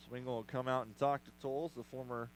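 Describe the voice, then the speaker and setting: A man doing play-by-play commentary for a baseball radio broadcast, brisk with playful asides. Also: mid-range voice, steady tone, slight background noise, rough recording. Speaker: play-by-play announcer.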